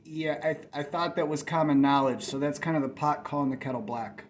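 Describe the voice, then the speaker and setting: A man's voice: on the high side, fairly quick, few pauses. Heated, cursing man on his channel. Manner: heated, confrontational, profane. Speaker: channel host. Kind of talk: reaction commentary.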